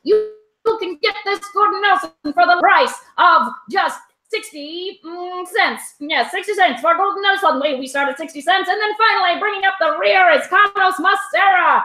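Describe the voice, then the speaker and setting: A brash 1920s auctioneer rattles off bids in a rapid, showy sales patter, as a woman puts him on. The voice sits very high and sounds sharp and bright. The room around it is echoey. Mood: hamming. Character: brash fast-talking 1920s auctioneer, hamming it up.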